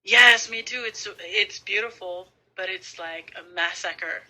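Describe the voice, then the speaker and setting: Slow, bright-voiced woman gushing about films. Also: mid-range voice, rough recording. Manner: enthusiastic, repeats "and" and "like". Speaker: podcast co-host. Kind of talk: casual fan chat.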